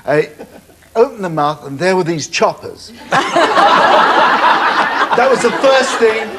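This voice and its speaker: A man's voice: high-pitched, slow pace, heavy background noise. An older man, a television producer guest on a chat show, telling anecdotes animatedly and acting out the voices of the people he quotes. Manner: animated, acts out quoted voices, laughs often.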